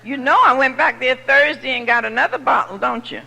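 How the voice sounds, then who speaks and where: An older woman from New York with a New York accent, telling her personal story to an audience as a recovery meeting speaker, lively and humorous. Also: high voice, a little fast, gravelly. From New York City. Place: large meeting hall. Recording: echoey hall recording.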